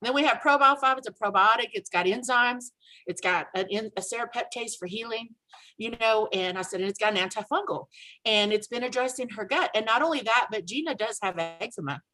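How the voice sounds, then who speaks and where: A woman casually telling a personal story on a video call, animated and acting out the dialogue she quotes. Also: on the high side, a little fast, low-quality recording. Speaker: guest sharing a testimonial.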